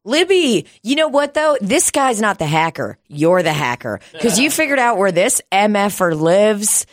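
A woman's voice: mid-range voice, big pitch swings, moderate pace, dry recording, studio quality. A woman co-hosting a casual podcast, joking crudely and laughing a lot. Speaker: podcast co-host.

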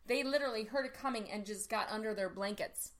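A woman's voice: a little high, fast talker, fairly bright tone. A woman in casual conversation, telling stories animatedly with lots of "like" fillers. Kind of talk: casual chat.

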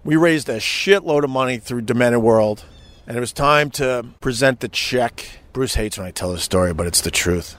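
A middle-aged man hosting a podcast, telling an old radio story in a profane, emotional, animated way. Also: mid-range voice, moderate pace. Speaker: podcast host and former radio host. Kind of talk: casual storytelling.

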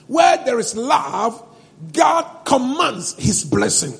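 A man preaching a sermon to a congregation in a church, repeating phrases and building up to shouts. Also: very high voice, sing-song, takes it slowly, creaky. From Ghana. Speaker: pastor.

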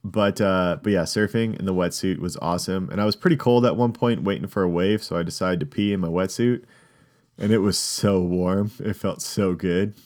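Rambling, lower-voiced male podcast co-host. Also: moderate pace, a little mellow. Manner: rambling storyteller, filler-heavy. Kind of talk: casual podcast banter.

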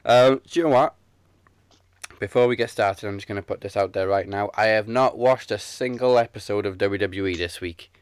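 A man hosts a podcast with upbeat, jokey energy. His voice is on the low side and sounds close and dry. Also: normal speed, clear, resonant tone, no echo. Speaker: podcast host. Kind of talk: casual chat.

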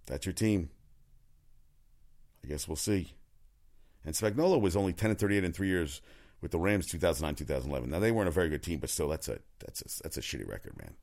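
Low-voiced male sports ranter, loose and profane, jumps between stories. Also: lively intonation, fast, vocal fry, darkish tone. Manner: rambling, profane, opinionated, frequent restarts. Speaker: sports talk commentator. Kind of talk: casual sports commentary monologue.

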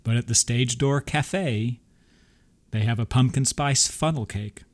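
An enthusiastic man in casual conversation, co-hosting a food podcast. His voice sits at an ordinary middle pitch, and he talks in an easy, chatty way with frequent laughs. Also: a little slow. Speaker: podcast co-host. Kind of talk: casual chat.

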